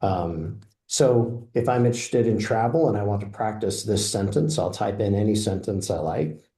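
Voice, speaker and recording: A man presenting a pronunciation course and demonstrating software, explaining steadily and saying phrases aloud. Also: on the low side, animated, normal speed. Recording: echoey room.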